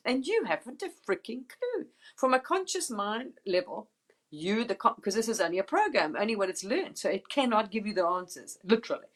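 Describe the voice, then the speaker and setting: A woman hosts a spiritual live chat over a stream, talking in an emphatic, rambling way at a middling pitch. She tosses in mild swears and laughs along the way. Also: very animated, fairly quick.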